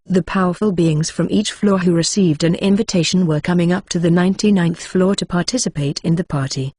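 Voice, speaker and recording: A synthetic text-to-speech voice narrating a web-novel audiobook in a flat, even delivery, reading out symbols and abbreviations literally. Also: medium pitch, slightly rough, no room sound, clean studio sound.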